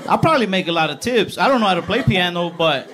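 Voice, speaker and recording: A man's voice: high-pitched, expressive, fast, a loud crowd. A man doing stand-up with dry, sarcastic storytelling. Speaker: stand-up comedian. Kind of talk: stand-up comedy set. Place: comedy stage before a live audience. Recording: noisy live club recording.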